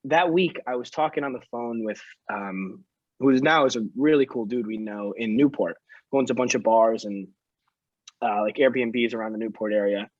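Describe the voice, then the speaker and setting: A man's voice: mid-range voice, normal speed, no room sound. Young man telling a story, lo-fi. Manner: animated, laughing storyteller. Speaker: band member. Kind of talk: casual storytelling in interview. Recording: dry, dull lo-fi.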